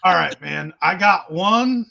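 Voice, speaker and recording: High, bright-voiced rowdy storyteller man. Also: animated, slow pace, vocal fry, muffled recording. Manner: rowdy, swears constantly, laughs mid-story. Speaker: podcast host telling stories. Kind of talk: casual profane storytelling.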